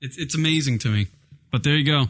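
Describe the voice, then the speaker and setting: A man's voice: medium pitch, fast, a bit bright. A man co-hosting an internet radio show in casual banter, swearing freely and asking incredulous questions. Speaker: co-host.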